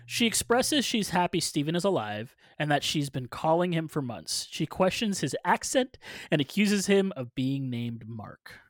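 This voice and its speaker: Man, thirties, slightly higher voice, dry close sound, casual podcast recap with asides. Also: very animated, normal speed, no echo. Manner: reads plot summary with asides and laughs. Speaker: podcast host reading a recap.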